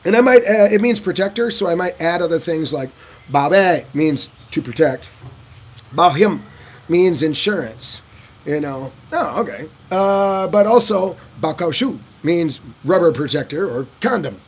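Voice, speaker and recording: Animated gravelly man vlogging. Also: measured pace. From United States. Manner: animated, swearing, acting out dialogues with lively shifts in pitch and pace. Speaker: vlogger giving advice on living in Vietnam. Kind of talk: casual Q&A monologue.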